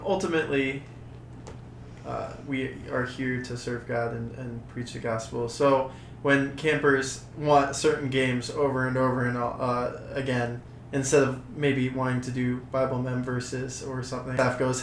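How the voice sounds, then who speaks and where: Brief: young man, gravelly voice, measured and halting, echoey room with faint hum. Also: medium pitch, flat delivery, fairly bright tone. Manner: measured, halting with repeated words. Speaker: camp staff lead. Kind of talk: casual interview answer. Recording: roomy recording with faint background hum.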